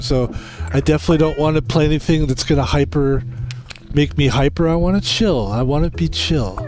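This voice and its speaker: American male streamer, slightly high voice, loose rambling chat, swears a lot, light music underneath. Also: a little mellow. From United States. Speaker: game streamer and host. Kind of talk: casual stream chat while gaming.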